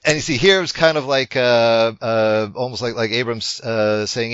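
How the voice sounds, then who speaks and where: A man's voice: medium pitch, moderate pace, hardly any pauses, fairly bright tone, clear, resonant tone, no room sound. A man co-hosting a film podcast, talking in casual discussion with many fillers and restarts. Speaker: podcast co-host. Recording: dull lo-fi sound.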